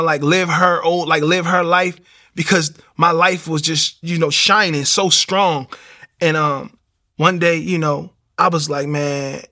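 A man tells his faith story in a casual interview. His voice is gravelly and bright and sits a little high. He acts out what people said to him. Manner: animated storytelling, acts out quotes. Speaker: guest sharing testimony.

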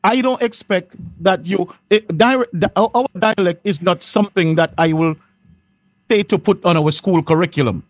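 A man's voice: high voice, moderate pace, no room sound. A man hosting a panel discussion, insisting and repeating himself when cut off. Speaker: host.

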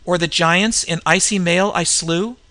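A man's voice: high-pitched, fairly even intonation, a little slow, pushed and bright, no echo. A man voicing a dazed young barbarian warrior, speaking in a plain, bewildered way in a storybook reading. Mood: haunted. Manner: dazed, hoarse-edged plain speech.

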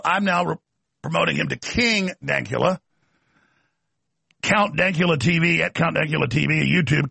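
Gravelly, raspy male host. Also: fairly high pitch, sharp tone, dry recording. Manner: combative, scornful. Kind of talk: political commentary monologue.

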